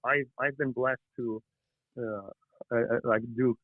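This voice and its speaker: A man, the guest author, telling animated stories in an interview, halting and restarting often. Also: medium pitch, dry recording. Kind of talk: storytelling interview chat. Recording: tinny phone-like line.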